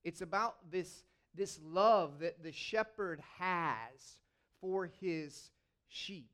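A man's voice: high voice, slow pace, a bit bright. A man giving a sermon in a conversational, storytelling way, often restarting his sentences. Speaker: lay preacher.

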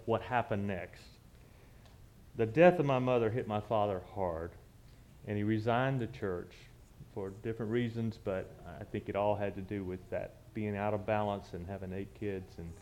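A man's voice: fairly low pitch, normal speed, darkish tone. A man, telling a personal story from the pulpit in a conversational, reminiscing way with frequent restarts. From southern United States. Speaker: church speaker.

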